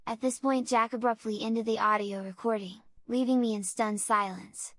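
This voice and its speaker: A woman narrating a horror story in a steady, measured way. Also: fairly high pitch, no echo.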